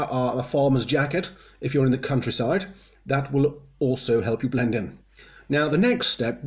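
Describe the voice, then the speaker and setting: A man giving a mock guide in a prim, genteel voice, dryly condescending and deadpan. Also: medium pitch. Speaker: comedian presenting a mock guide. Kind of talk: deadpan mock instructional comedy.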